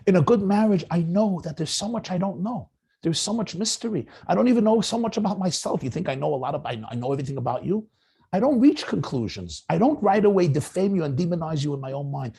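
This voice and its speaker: Middle-aged male rabbi, marriage lecture, mellow and lively, acts out quoted spouses. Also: a little high, quick pace, gravelly, breathy edge. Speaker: rabbi giving marriage guidance. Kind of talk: lecture to young married men.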